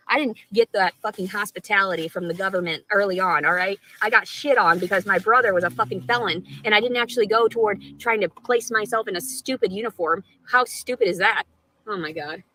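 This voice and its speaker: A woman's voice: mid-range voice, pushed and bright, low-quality recording. A woman talking straight to her live stream audience, rambling and swearing a lot, with an aggrieved tone. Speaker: livestreamer.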